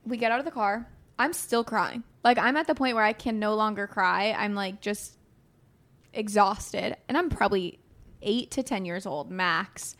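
A young adult woman hosting a casual chat, telling stories in an animated way and swearing freely. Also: mid-range voice, normal speed. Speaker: host.

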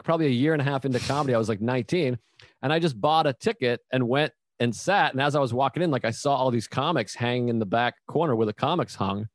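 A man hosting a casual comedy chat, telling stories with animated quoted voices. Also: mid-range voice, dry recording, clean studio sound. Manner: animated storyteller, acts out quotes. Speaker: comedian host.

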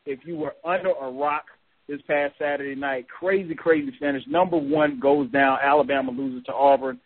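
A man hosting a sports podcast, leading the talk in a relaxed way and asking questions. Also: on the high side, moderate pace, vocal fry. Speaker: podcast host. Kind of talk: casual sports chat. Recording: tinny phone-like sound.

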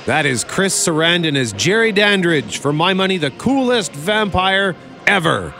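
A man's voice: sits high, big pitch swings, moderate pace, pushed and bright, soft background music. A man in his forties hosting a casual show, chatty and laughing often as he tells stories. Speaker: radio show host reviewing movies. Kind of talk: casual chat.

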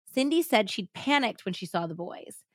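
A woman's voice: mid-range voice, animated, normal speed, no room sound, clean studio sound. A young woman hosting a podcast, telling a story casually with lots of "like.". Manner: chatty, frequent "like" fillers. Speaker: podcast host.

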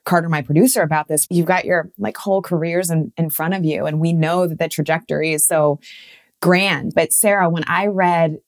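A woman's voice: low voice, steady tone, moderate pace. A woman hosting an interview, gushing and emotional as she reacts to her guests. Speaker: podcast host. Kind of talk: casual interview chat.

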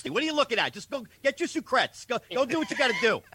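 A man's voice: extremely high pitch, big pitch swings, quick pace. A man on a podcast clip, laughing and protesting animatedly while retelling a story. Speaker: podcast co-host. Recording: loud background noise.

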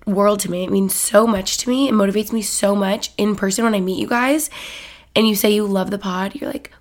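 A woman's voice: mid-range voice, creaky. A young woman hosting her own podcast, chatting casually with lots of "like" and frequent little laughs. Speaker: podcast host. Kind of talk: casual solo podcast chat.

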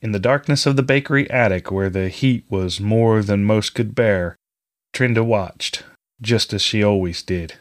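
Low-voiced man narrating a fantasy tale. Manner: measured storytelling, reading all parts himself. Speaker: audiobook narrator.

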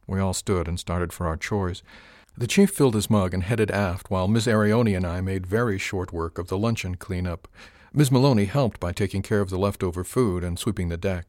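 A man narrating a first-person audiobook in a measured, even storytelling manner. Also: sits low, no echo, clean studio sound.

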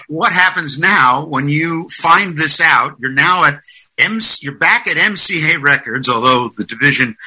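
A man's voice: a little high, sharp tone, breathy edge, low-quality recording. A man hosting an interview, recapping the story before asking his guest to pick it up. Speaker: podcast host. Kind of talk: interview questions.

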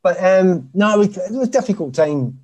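Husky, mellow Glaswegian man telling stories. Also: high voice, brisk. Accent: Glaswegian Scottish. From Scotland. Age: middle-aged. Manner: lively anecdotal storyteller who laughs at himself. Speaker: guest, former footballer. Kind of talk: casual podcast chat.

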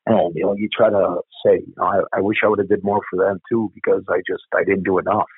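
Deep and husky, this man speaks quickly with a flat delivery; the recording is dry, narrow and tinny. A middle-aged police officer, he candidly tells a family tragedy in an interview, blunt and profane, repeating details as he recalls, like a conversation.

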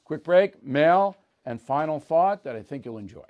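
A man's voice: on the high side, lively intonation, normal speed, muffled recording. A man hosting a talk show, reading listener mail and answering with blunt, opinionated retorts.

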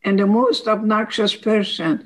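A woman in her nineties, a psychologist giving advice in an interview, slow and earnest, often acting out quoted dialogue. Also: medium pitch, fairly even intonation, rough recording. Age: 90s. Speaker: psychologist guest. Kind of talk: interview answers.

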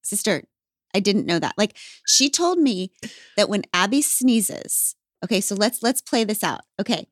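Emphatic, animated woman podcast host. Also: mid-range voice, measured pace, no room sound, studio quality. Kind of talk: casual podcast chat.

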